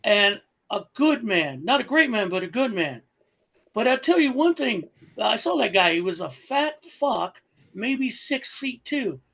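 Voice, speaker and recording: A man's voice: high voice, sing-song, a little slow, creaky. A man hosting a political talk show, heated and profane, his voice jumping up in anger. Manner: angry, profane, swings loud. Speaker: podcast host.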